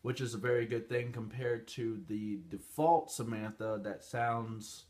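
A man's voice: medium pitch, steady tone, unhurried, a little mellow. A man hosting a casual tech review, chatty and rambling with fillers as he talks through phone settings. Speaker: channel host.

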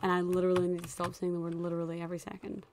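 An excitable young woman talking her way through a video game session at her desk mic. She chatters along with frequent squeals and laughs, and there is keyboard typing behind her. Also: fairly low pitch, very fast, a little hiss or hum. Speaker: gaming YouTuber. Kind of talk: casual gameplay commentary.

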